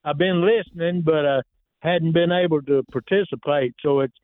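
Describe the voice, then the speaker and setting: A man calling in to a radio show, speaking politely and slowly in a folksy way, heard over the phone. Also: a little high, a little hiss or hum. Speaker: caller. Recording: tinny phone line.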